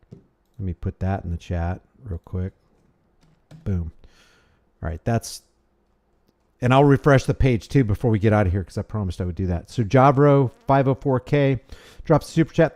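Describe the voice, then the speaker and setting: A man hosts a casual livestream and reads his viewers' messages aloud. His voice sits in the middle range with a mellow, dark tone. He rambles and restarts sentences as he thanks people by name. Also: mid-range voice. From United States. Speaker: livestream host. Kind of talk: casual livestream chat reading super chats.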